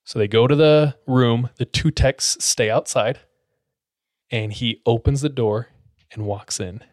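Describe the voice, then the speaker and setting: A man hosting a podcast, casually telling a scary story in a relaxed way and filling his speech with "like". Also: mid-range voice, a little slow, no echo, clean studio sound. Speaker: podcast host.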